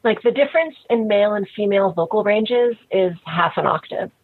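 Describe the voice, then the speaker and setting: As an interview guest, a woman in her thirties talks frankly and easily, sprinkling "like" throughout. Her husky, mid-range voice moves a little fast and sounds thin and tinny, as if over a phone, with no room sound.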